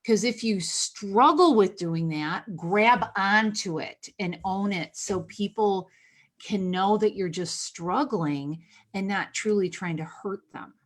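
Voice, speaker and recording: Woman podcast host, therapist, frank and lively, drops the odd curse, mid-pitched everyday voice. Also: slow. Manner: candid, swears freely, animated storytelling. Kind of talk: casual podcast chat.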